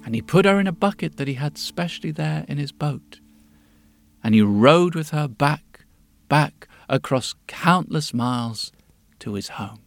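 A man's voice: on the high side, animated, a little slow, vocal fry, no room sound, soft background music. A man telling a story in a dramatic way, often dropping to a whisper. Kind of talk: spoken storytelling to music.

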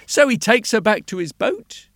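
A man telling a folk tale aloud in a lilting, unhurried way, with asides to the listener. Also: sits high, big pitch swings, dry recording, clean studio sound. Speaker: storyteller. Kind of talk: oral storytelling. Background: soft guitar.

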